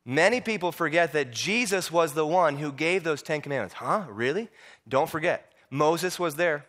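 A man preaching a sermon, telling stories with animated voices and frequent repeated words. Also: a little high, normal speed.

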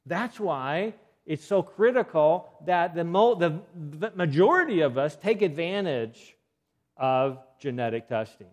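A man's voice: on the high side, expressive, a little slow. A man giving an earnest health lecture, emphatic and given to repeating key points.

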